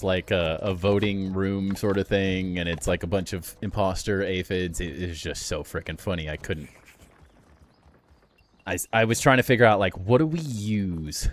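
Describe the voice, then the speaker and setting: A man's voice: low-pitched, a little hiss or hum. A man streaming a building game, talking casually with chat in a rambling way, laughing often and restarting his sentences.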